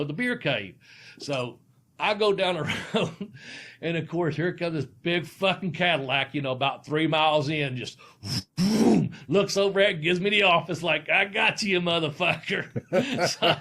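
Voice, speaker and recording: A man's voice: on the high side, a bit bright. Laughing, foul-mouthed storyteller man. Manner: profane, laughs through his stories. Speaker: podcast host, former wrestler. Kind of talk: casual storytelling.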